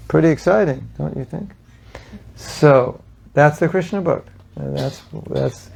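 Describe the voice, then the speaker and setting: Older man, gravelly voice, mid pitch, lively storyteller, talks to a gathering, animated quoting. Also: unhurried, dull audio. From United States. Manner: animated storyteller, acting out quotes with laughs. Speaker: speaker at a devotional gathering. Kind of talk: storytelling talk to an audience.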